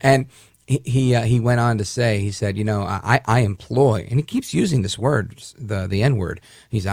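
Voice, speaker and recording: Talk radio guy ranting, low gravelly voice, dry close sound, keeps restarting. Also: moderate pace, darkish tone, dry recording. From Puerto Rican heritage, raised in the northern US. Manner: indignant, rambling, often restarts. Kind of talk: syndicated talk radio monologue.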